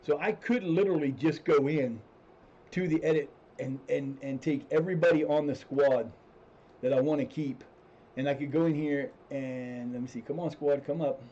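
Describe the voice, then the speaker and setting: A man's voice: on the high side, normal speed, dark tone, muffled recording. A man streaming a football management game, chatting casually as he plays, often restarting his sentences and cursing when things go wrong. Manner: rambling, restarts sentences, swears when frustrated. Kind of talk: casual gameplay commentary.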